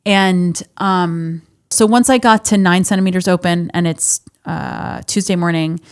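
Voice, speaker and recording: A woman's voice: lowish voice, steady tone, measured pace, clean tone. Candid, profane woman telling a story. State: laughing and tearful. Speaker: podcast host. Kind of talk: personal storytelling monologue.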